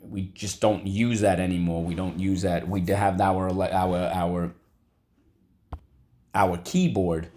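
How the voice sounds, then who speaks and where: A man teaching a vocabulary lesson from home, repeating words slowly for students to echo. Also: sits low, level tone, darkish tone. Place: home room.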